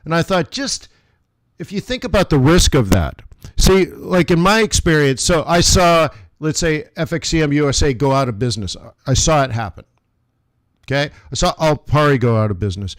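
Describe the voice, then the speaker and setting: A man's voice: a little high, animated, normal speed, dry recording, studio quality. A man in his forties, a forex trader hosting a live trading stream and talking viewers through the markets in a chatty, emphatic way.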